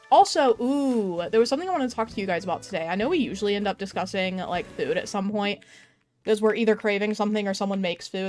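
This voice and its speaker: A young adult woman chatting casually on a live game stream, bubbly and talkative as she greets viewers by name. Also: medium pitch. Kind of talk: casual live-stream chat while gaming.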